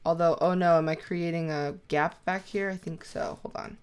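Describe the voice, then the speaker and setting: A woman chatting casually while playing a video game with a friend, animated and prone to shrieks when startled. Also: lowish voice, moderate pace, clean tone. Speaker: co-host of a gaming let's play. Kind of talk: casual gameplay chat.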